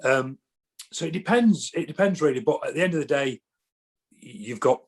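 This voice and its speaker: A man guesting on a podcast in casual chat, telling animated stories and acting out what people said. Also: mid-range voice, moderate pace, breathy edge. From England. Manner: animated storyteller, acts out quotes, many restarts.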